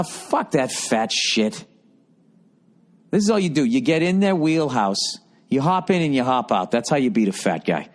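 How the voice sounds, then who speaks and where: A man's voice: mid-range voice, darkish tone. A man hosting a podcast, reading listener letters and answering with a blunt, profane, sarcastic comedic rant.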